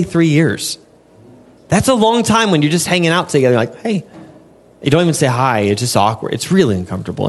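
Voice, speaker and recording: A young adult man preaching an earnest, conversational sermon, often acting out his prayers and God's replies. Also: fairly high pitch. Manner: earnest, conversational, acts out dialogue with God.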